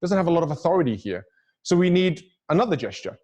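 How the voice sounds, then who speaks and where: A man teaching public speaking to a virtual audience, with a lively, demonstrative delivery that swings his pitch widely and repeats key phrases for emphasis. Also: fast talker, lo-fi sound.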